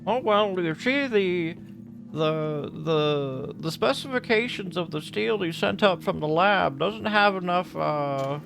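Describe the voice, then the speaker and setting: A man putting on the voice of a fussy male lab bureaucrat, halting and pedantic, pitched well above his own. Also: expressive, gravelly, noisy background, full character voice.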